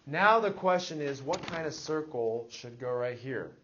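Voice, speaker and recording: A man's voice: mid-range voice, animated, normal speed, lo-fi sound, heavy background noise. A man teaching a math class, leading with questions and checking in with his students. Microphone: classroom recording device.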